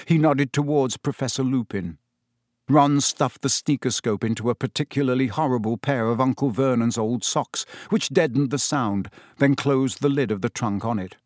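A man with a medium-pitched voice narrates an audiobook, telling the story in a measured, expressive way. The recording is dry, with clean studio sound.

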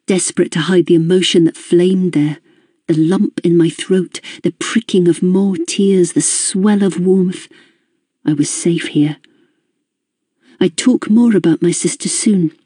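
A woman narrating a first-person audiobook in a measured, introspective way. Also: fairly low pitch, dark tone, breathy edge, dry recording, studio quality.

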